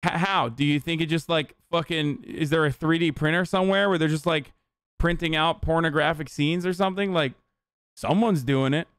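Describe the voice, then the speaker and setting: A man's voice: a little high, fairly even intonation, normal speed, a bit bright, clean tone, no room sound. A young man ranting in profane, casual commentary, talking straight to his live-stream chat. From Turkey. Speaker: streamer reacting to a video.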